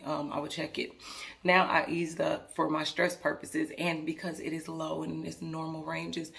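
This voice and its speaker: A woman vlogger speaks directly to her viewers in a casual, earnest way, rambling and frequently restarting. Her voice sits low and sounds gravelly.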